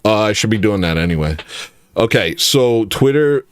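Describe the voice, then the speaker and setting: A man's voice: fairly low pitch, animated, normal speed, smooth, no echo, clean studio sound. A man hosting a casual comedy livestream, rambling and joking while reacting to chat. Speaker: livestream host.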